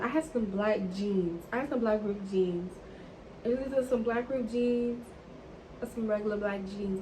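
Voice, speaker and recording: Young woman, slightly high voice, animated storytime vlogger, profane and chatty. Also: a little hiss or hum, rough recording. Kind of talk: casual storytime.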